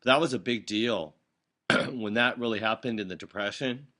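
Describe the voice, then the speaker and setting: Older male host, loose and rambling, bright tense voice, video-call stream chat. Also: on the low side, moderate pace. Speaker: show host. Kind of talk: casual chat.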